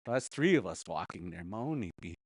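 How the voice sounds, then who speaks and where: A man's voice: deep voice, very animated, moderate pace, slightly rough, no room sound. A man teaching a casual language class, patiently repeating words and chuckling often.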